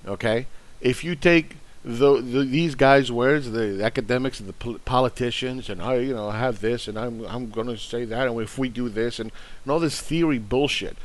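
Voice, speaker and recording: A man's voice: medium pitch, moderate pace, hardly any pauses. Angry, profane man ranting about money. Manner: angry, sarcastic, profane, mocking. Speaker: investing channel host. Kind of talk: ranting commentary.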